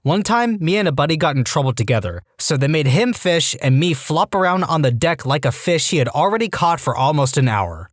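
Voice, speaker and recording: A man narrating reddit stories in an animated, wry scripted read. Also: on the high side, fairly quick, hardly any pauses, dry recording, studio quality. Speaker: story narrator.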